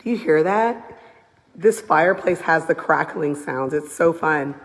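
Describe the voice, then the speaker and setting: Hoarse lady, real estate agent, slow gushing phone video walk through a new house. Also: low-pitched. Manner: gushing, enthusiastic, repeats "beautiful" and "I love". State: hoarse, lost voice. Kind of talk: casual live video house tour. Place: walking through a large house, indoors and out. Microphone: handheld phone camera.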